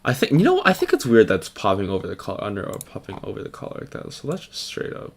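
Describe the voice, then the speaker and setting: A man's voice: fairly low pitch, wildly swooping pitch, quick pace, vocal fry. Goofy young man rambling while he draws. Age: young adult. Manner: goofy, self-mocking rambling. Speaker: vtuber artist. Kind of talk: casual drawing commentary.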